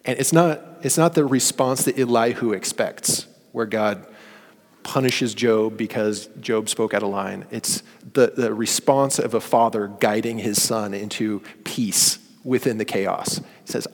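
A man's voice: on the low side, measured pace. Male preacher, earnest sermon storyteller, acts out dialogue; long hall reverb.

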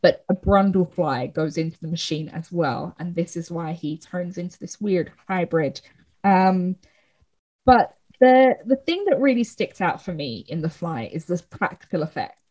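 A woman's voice: lowish voice, lively intonation, normal speed, dark tone. A young woman in a casual film chat, talking freely with many fillers and the odd swear word. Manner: chatty, frequent fillers and swearing.

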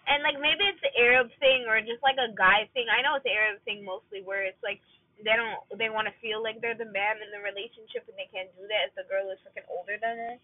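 A woman's voice: fairly high pitch, fairly even intonation, fast, no room sound. A woman in her twenties venting to viewers in an emotional rant from her car, close to tears at times. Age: 20s. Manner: venting, upset, talks in bursts with many "like"s. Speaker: vlogger. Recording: tinny phone-like sound.

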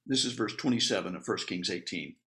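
A man's voice: deep voice, lively intonation, a little fast, sharp tone. A man preaching a sermon, reading scripture and explaining it in a playful way, chuckling at the humor in the story.

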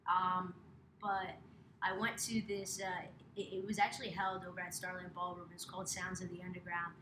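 A woman's voice: fairly low pitch, flat delivery, moderate pace. A woman hosting a casual podcast, laughing often and rambling with lots of fillers. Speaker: podcast host. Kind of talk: casual chat. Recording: roomy echo with clear background noise.

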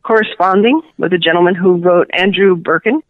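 A woman with a Cuban-New York accent, a guest author, telling a rambling, animated story in a casual interview. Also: lowish voice, fairly quick, no room sound. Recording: tinny phone line.

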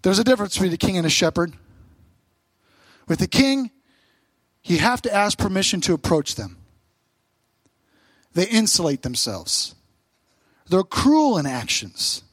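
A man's voice: high voice, big pitch swings, a little slow, pauses often, a bit bright, no room sound. A man preaching a sermon as pastor, stressing short repeated phrases.

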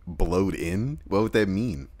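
A young man from Tennessee co-hosting a casual podcast, dropping laid-back, low-key remarks and laughing along. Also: lively intonation, slow pace, darkish tone. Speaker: podcast co-host. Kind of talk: casual crude chat.

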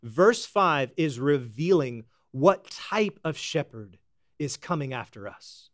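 A man preaching a sermon, folksy and animated, swinging from loud exclamations to hushed emphasis. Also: fairly high pitch, takes it slowly, dry recording, clean studio sound. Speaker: pastor.

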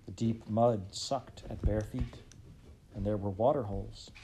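A man reading a storybook aloud in an expressive, dramatic way. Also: on the low side, a little slow, slight background noise, rough recording. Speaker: reader.

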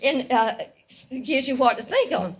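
A woman's voice: sits high, expressive, normal speed, far from the mic, rough recording. A woman giving a guest sermon, earnest and repetitive, often laughing lightly between her points. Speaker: guest speaker.

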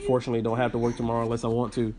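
A man's voice: medium pitch, completely flat delivery, very fast, background noise. A man hosting a podcast, telling a story as a casual, rambling rant full of fillers and restarts. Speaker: podcast host.

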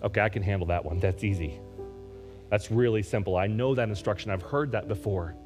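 A man preaching as a pastor, moving between loud, animated emphasis and quiet, slow prayer. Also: on the low side, over music. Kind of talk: sermon.

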